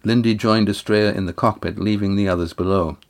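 A man narrating a sailing adventure novel in an even, unhurried way. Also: lowish voice. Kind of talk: audiobook narration.

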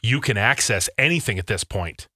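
A man's voice: lowish voice, expressive, normal speed, bright, forceful tone, slightly rough, no room sound, studio quality. A man co-hosting a casual podcast chat, patiently explaining meditation and dreaming. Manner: earnest, explains things patiently. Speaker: podcast co-host.

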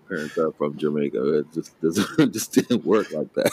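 A man's voice: deep voice, animated, normal speed, a little mellow, husky, poor audio. A man in his late twenties from New Jersey chatting casually on a podcast, rambling with lots of fillers and restarts. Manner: rambling, many fillers and restarts, laughs a lot. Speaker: podcast co-host. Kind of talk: casual chat.

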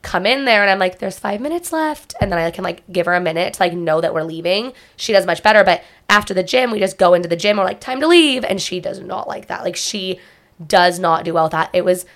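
A woman's voice: fairly low pitch, fast, a bit bright. A young adult woman co-hosting a podcast, telling a story in a rambling, casual way full of "like"s. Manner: rambling, filler-heavy storytelling with many "like"s. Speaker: podcast co-host. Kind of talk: casual chat.

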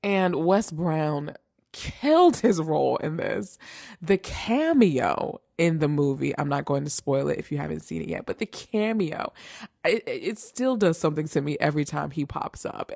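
A woman's voice: low voice, big pitch swings, moderate pace, creaky, a little mellow, no room sound, clean studio sound. A young woman hosting a casual chat show, gushing over favorites and repeating phrases for emphasis. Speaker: host ranking holiday movies.

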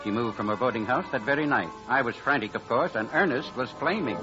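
An actor playing a smooth-talking, scheming male Broadway promoter who narrates, in 1940s radio style. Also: medium pitch, a little fast, music in the background, natural voice. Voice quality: glib, persuasive. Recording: dull old radio broadcast.

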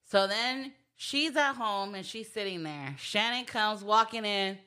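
Woman, bright and forceful tone, casual retelling, quotes the characters. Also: medium pitch, a little slow. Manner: retells scenes by quoting characters. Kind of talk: casual chat recapping a show.

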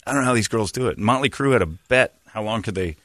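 A man's voice: lowish voice, expressive, brisk, fairly bright tone, no echo, studio quality. A middle-aged man hosting a podcast, telling rambling, crude, jokey stories in casual chat. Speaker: podcast host.

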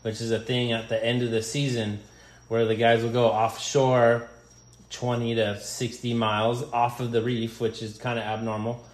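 Flat-voiced man rambling about fishing trips. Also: mid-range voice, moderate pace. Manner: rambling, relaxed, fillers like um. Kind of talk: casual podcast chat. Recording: echoey room.

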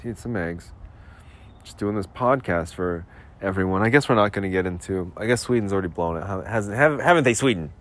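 A man hosting a solo podcast, rambling sarcastically about his day, clearing his throat and coughing now and then as he comes down with a cold. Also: low-pitched, animated. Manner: sarcastic, self-mocking, puts on quick voices for quotes. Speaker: podcast host.

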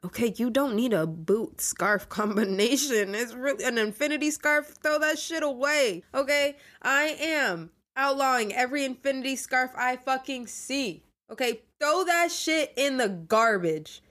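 A woman's voice: high voice, animated, a little slow, few pauses, a bit bright. A young adult woman hosting a casual monologue podcast, ranting animatedly and swearing freely. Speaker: podcast host.

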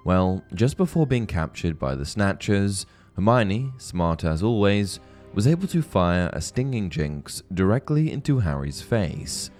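Low-voiced man narrating a theory video. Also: a little mellow. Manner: measured, explanatory. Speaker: host of a fan theory channel. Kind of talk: scripted narration and book reading.

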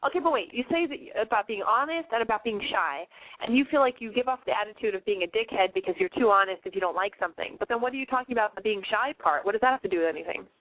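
A woman's voice: mid-range voice, expressive, dry recording. A woman hosting a call-in advice show, blunt and swearing freely as she questions a caller. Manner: blunt, swears, talks fast. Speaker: radio advice show host. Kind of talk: casual call-in chat. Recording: tinny phone-like sound.

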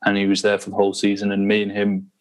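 A man's voice: lowish voice, completely flat delivery, fast talker, low-quality recording. A man co-hosting a football podcast, telling stories in a casual chatty way and laughing often. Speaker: podcast co-host. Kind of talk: casual chat.

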